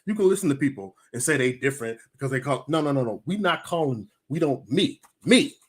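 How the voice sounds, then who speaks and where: Heated, lively-voiced vlogger ranting. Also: medium pitch, brisk. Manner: emphatic, repetitive, storytelling with acted quotes. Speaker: video commentator. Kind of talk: heated personal rant to camera.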